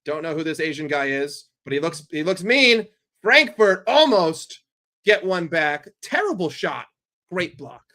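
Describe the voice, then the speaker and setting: A man gives live football commentary on his watchalong stream, sarcastic and full of swearing. His voice sits somewhat high with a very bright, forceful edge. He drops into low grumbling and then bursts into loud yells. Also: normal speed. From New York. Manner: profane, sarcastic and excitable, swinging from grumbling to yelling.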